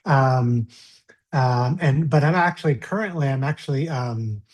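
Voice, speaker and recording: A man's voice: mid-range voice, a little slow, a little mellow. A man, a children's book illustrator, introducing himself on a video call with frequent ums and uhs. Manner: hesitant, many ums and uhs. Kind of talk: casual self-introduction.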